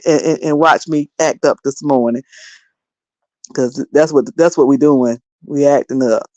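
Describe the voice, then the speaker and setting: A woman's voice: sits low, a little mellow, no room sound. A woman hosting a casual livestream, sassy and laughing as she mocks someone. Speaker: livestream host. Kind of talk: casual commentary.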